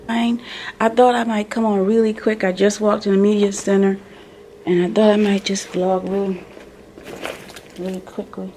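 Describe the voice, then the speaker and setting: A woman's voice: mid-range voice, little pitch movement, normal speed, pauses often, background noise. A school librarian, chatting casually and rambling as she vlogs into a handheld phone camera. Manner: rambling, chatty, self-interrupting. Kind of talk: casual vlog chat.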